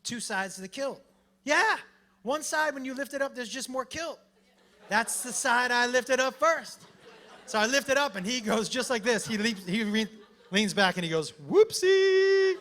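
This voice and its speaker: A man performing a stand-up comedy set, telling a story in a brash, loud way with shouted bursts, on a handheld mic at a comedy club. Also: very high voice, normal speed.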